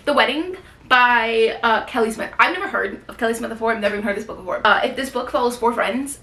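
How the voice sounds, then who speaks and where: A woman's voice: on the high side, bright, forceful tone, echoey room. A young woman chatting casually about her new books, gushing and rambling with lots of fillers. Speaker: book vlogger. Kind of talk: casual book haul chat. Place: room at home with bookshelf.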